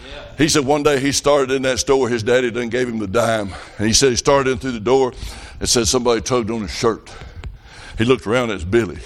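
A middle-aged man preaching a revival sermon, telling folksy stories in a plain country way and rising to loud shouted passages. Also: mid-range voice, fairly quick.

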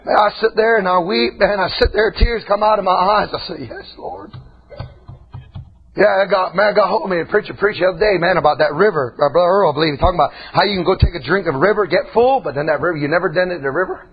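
A male preacher delivering a raspy, impassioned sermon, swinging between shouts and low asides. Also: rapid-fire, few pauses. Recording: dull lo-fi recording.

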